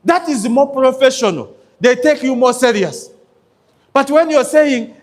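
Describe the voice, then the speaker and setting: A man's voice: extremely high pitch, very animated, moderate pace. A man giving a motivational business talk to an audience, emphatic and checking in with his listeners. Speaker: business coach.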